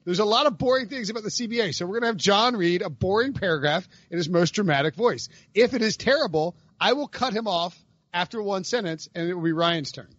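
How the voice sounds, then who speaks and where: A man's voice: high-pitched, lively intonation, fast talker, fairly bright tone, no echo, lo-fi sound. A man hosting a podcast in casual chat, rambling and laughing with many restarts. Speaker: podcast host.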